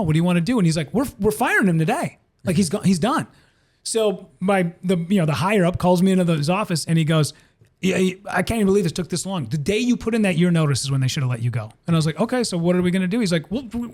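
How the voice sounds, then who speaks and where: A man from Minnesota, a comedian and one-time radio host, telling stories in a podcast interview. His voice sits high for a man and he moves lively through each story, acting out what other people said. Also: fast talker. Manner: animated, acts out other people's lines in quoted voices.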